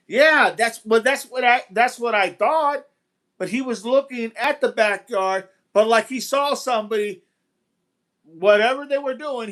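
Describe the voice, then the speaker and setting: High-voiced man rambling on a livestream. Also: fairly bright tone. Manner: rambling, repeats himself, retells events. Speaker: livestream host. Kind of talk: casual live-stream talk, reading chat.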